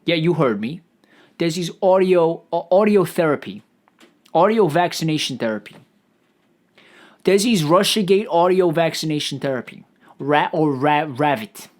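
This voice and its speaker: A man hosting a solo comedic podcast, riffing out loud in a profane, stammering ramble. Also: fairly high pitch, expressive, normal speed. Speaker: podcast host.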